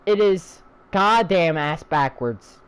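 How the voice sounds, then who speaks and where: Brief: young male ranter, high-pitched, heated and sarcastic, swears constantly. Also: expressive, takes it slowly, a bit bright, smooth, poor audio. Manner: angry, profane, sarcastic, heated. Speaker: channel host ranting. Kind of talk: profane wrestling rant.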